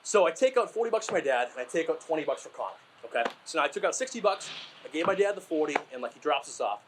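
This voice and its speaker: Here a young man from Massachusetts does stand-up, his fairly high voice lively in intonation and quick in pace over background noise. Breathless, he spins crude, meandering tales that poke fun at himself, peppered with fillers and asides.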